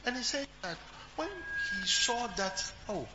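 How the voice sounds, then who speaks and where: A man's voice: extremely high pitch, animated, measured pace. A man preaching a sermon to his congregation, repeating phrases and asking the crowd questions. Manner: repetitive, talks to the congregation, jokes and asks questions. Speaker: pastor. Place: church. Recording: dull recording with humming noise.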